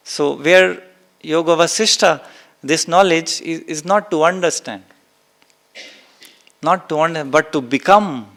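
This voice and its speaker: A man's voice: a little high, measured pace, pauses often, a bit bright. A man giving a spiritual talk to a live and online audience. He speaks with emphasis, repeats key phrases and acts out exclamations. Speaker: spiritual teacher.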